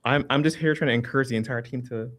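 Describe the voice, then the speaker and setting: A man's voice: mid-range voice, rapid-fire, a bit bright. A man co-hosting a live stream, joking in a dry way. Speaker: livestream co-host. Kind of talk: casual live-stream chat.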